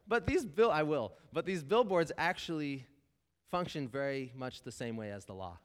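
A man's voice: a little high, animated, moderate pace. Emphatic man preaching in a reverberant hall. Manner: emphatic, conversational, addresses listeners as "you guys". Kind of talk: sermon.

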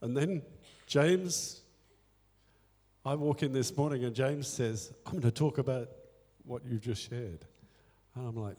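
A man's voice: medium pitch, a little slow, mellow. A man speaking in a church service, candidly telling a personal story of faith with quoted inner dialogue and self-deprecating humor. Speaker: church elder. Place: church hall. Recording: echoey hall with faint music.

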